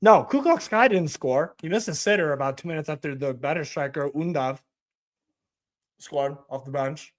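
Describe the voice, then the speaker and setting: A man's voice: on the high side, moderate pace. A man hosting a live watch-along stream, giving casual commentary in a profane, ranting, mocking way.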